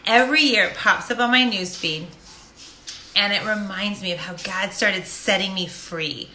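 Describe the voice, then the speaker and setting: A woman's voice: mid-range voice, normal speed, pushed and bright, a little hiss or hum. A middle-aged woman telling a personal story to a live audience in a casual, jokey, self-deprecating way. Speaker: host of a live stream. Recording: echoey room.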